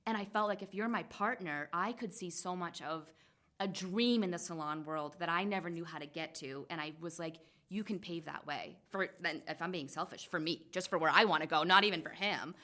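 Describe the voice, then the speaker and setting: Woman, 40s, podcast guest, animated, candid, crisp and forceful tone, lower pitch. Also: a little fast. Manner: animated and candid, acts out remembered dialogue, many "like" fillers. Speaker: guest, salon co-owner and hairstylist. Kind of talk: casual storytelling in a podcast conversation.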